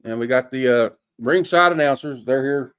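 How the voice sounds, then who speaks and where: A man talks through a comic book in a loose, chatty way, pausing often with fillers as he thinks. His voice sits in an ordinary middle range, and he leans on folksy sayings. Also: medium pitch, a bit bright, smooth. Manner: rambling, hesitant with many fillers. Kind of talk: casual comic review.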